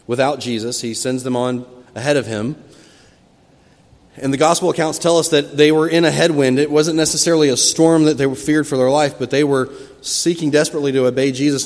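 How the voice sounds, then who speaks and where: A mid-pitched man preaches a sermon in a church, and his voice rings with a long hall reverb. He tells the story in a lively way and breaks into loud, high cries when he voices the people in it. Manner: expressive storytelling, acting out quoted cries with sudden loud rises. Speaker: pastor. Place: church sanctuary.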